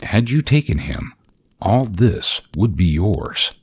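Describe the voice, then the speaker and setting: A man's voice: on the low side, animated, slow, darkish tone, slightly rough, pitched above the performer's own voice, full character voice. A man voicing a poor traveling fiddler who speaks bluntly and scolds his wife, as whispered role-play in a storybook reading. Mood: teasing.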